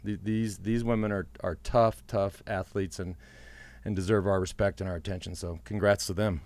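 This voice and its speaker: A man's voice: deep voice, fairly even intonation, moderate pace, a little mellow. Blunt, emphatic male podcast co-host. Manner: emphatic, blunt, repeats words and restarts often. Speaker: podcast co-host, race analyst. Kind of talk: casual podcast chat.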